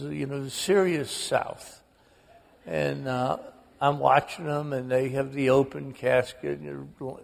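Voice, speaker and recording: A gravelly man in his sixties from the American South, telling family stories with relish as a radio interview guest. His voice sits a little high for a man and carries a long reverb. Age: 60s. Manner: animated storyteller, slips into quoted voices. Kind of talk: storytelling interview.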